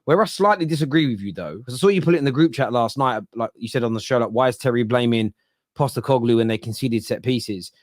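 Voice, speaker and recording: A man co-hosting a football podcast, making measured points in a casual debate. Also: mid-range voice, no room sound, clean studio sound. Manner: measured, reasoned, gently teasing.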